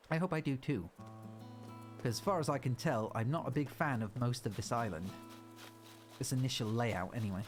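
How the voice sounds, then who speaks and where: A man's voice: mid-range voice, moderate pace, long pauses, faint music behind. A man streaming a video game, chatting casually and rambling as he plays. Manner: chatty, rambling, self-interrupting. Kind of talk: casual gameplay commentary.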